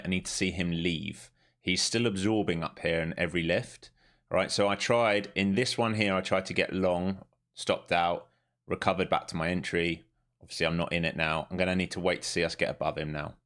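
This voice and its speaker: Brief: male day-trading streamer, lowish voice, joking live commentary with the odd curse. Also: fairly bright tone. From not from the United States. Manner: joking, swearing, thinking aloud over charts.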